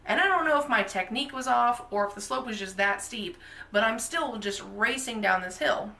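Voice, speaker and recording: A woman vlogger telling a funny personal anecdote in a casual, animated, self-mocking way. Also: a little high, normal speed, vocal fry, reverberant. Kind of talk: casual storytelling.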